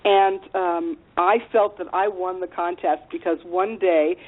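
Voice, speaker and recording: A woman interview guest telling candid personal stories in a frank, animated way, with plenty of fillers. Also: lowish voice, unhurried. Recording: phone-like radio interview line.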